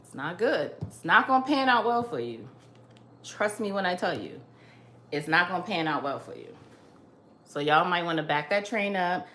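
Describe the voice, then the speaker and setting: A woman delivers an emphatic opinion monologue with a lively, swooping pitch and an unhurried pace. She lectures her listeners and hammers each point by repeating it. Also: roomy sound, slight background noise. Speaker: host.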